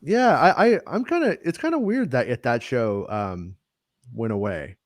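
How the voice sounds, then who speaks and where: A man's voice: mid-range voice, big pitch swings, normal speed, dry recording, studio quality. A man hosting a casual live-streamed podcast, talking in a joking way with lots of stammered restarts. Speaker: podcast host.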